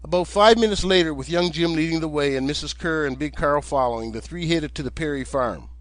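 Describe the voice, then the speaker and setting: A man's voice: on the high side, fairly quick, dry recording. Man narrating an audiobook in a dry room. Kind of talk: scripted storybook narration.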